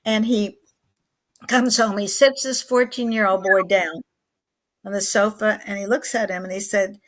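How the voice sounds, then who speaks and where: Older woman in her 80s, talk show guest, earnest storytelling, mid-pitched voice. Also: fairly even intonation, measured pace. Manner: earnest, vivid storyteller who acts out quoted lines.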